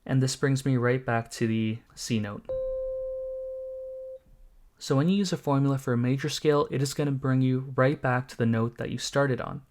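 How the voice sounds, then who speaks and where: A man at middle pitch explains music theory in a calm, methodical way. He walks through scales and chords one step at a time, like a patient tutor. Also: normal speed, background noise. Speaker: music production teacher.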